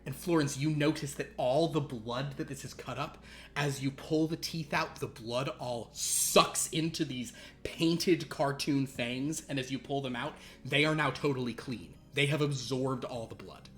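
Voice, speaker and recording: A man's voice: medium pitch, measured pace. A man narrating as game master of a tabletop horror game, talking loosely with many fillers. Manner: loose and rambling, full of fillers.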